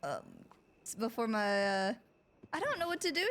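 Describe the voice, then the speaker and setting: Animated, giggly woman streamer. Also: a little high, moderate pace. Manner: animated and giggly, chatting to viewers. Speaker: streamer roleplaying a deputy. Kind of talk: casual streaming chat.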